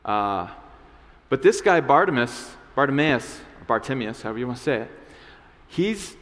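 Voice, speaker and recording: A man's voice: mid-range voice, very animated, moderate pace, fairly bright tone. A male pastor giving a casual, conversational sermon, with many restarts and acted-out quotes. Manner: conversational, many restarts and fillers, acts out voices. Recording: long hall reverb.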